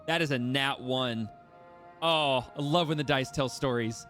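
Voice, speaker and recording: Animated man narrating as game master. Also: medium pitch, a little slow, soft background music. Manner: lively, animated narration with frequent restarts and laughter.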